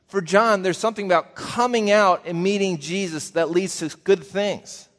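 Higher-voiced man preaching in a big hall. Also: moderate pace. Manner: folksy, asks listeners questions directly. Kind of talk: conversational Bible teaching sermon. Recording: long reverb of a large hall.

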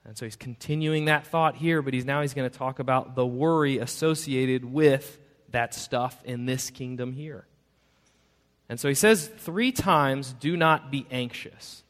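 A man preaching a sermon as pastor, conversational and self-deprecating, acting out the voices he quotes. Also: mid-range voice. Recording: long reverb of a church hall.

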